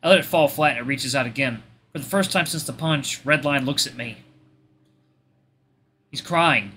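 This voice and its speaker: A man reading a visual novel aloud in expressive first-person narration, stumbling now and then. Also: medium pitch, moderate pace, slight background noise. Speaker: let's play host.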